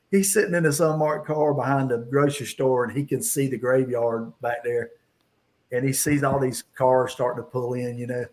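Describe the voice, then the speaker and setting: A man's voice: mid-range voice, fairly even intonation, moderate pace, darkish tone, poor audio. Laid-back man telling cop stories. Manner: rambling, laughs through stories. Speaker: host. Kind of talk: casual storytelling, police anecdotes.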